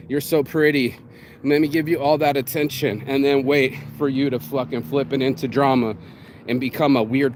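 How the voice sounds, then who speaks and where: A man's voice: mid-range voice, a little hiss or hum. A man delivering a profane, rambling rant, circling back with restarts as he talks. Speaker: vlogger. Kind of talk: ranting monologue.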